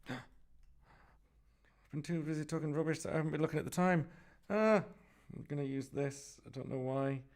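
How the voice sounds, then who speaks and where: Gravelly man chatting while he paints. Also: on the high side, steady tone, brisk, pauses often, a little mellow. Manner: rambling, self-mocking, chatty. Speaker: livestream sketching host. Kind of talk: casual live commentary while painting.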